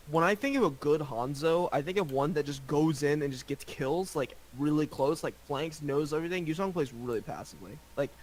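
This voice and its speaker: A man's voice: fairly high pitch, a little hiss or hum, low-quality recording. A young man chatting casually with friends on a gaming voice call, teasing, profane and rambling. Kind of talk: casual chat.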